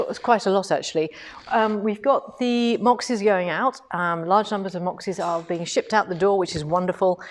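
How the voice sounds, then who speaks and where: Woman, quilting teacher, live demo, chatty storytelling, self-deprecating, slightly low voice. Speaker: quilting shop owner and teacher. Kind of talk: live-streamed demonstration and lesson. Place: indoor quilting showroom.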